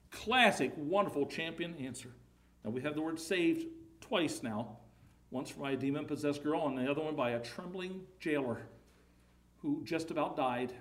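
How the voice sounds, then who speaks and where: Guy preaching a sermon, bit high voice, gets loud then drops right down, repeats himself. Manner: emphatic, rising and falling in volume, repeats words.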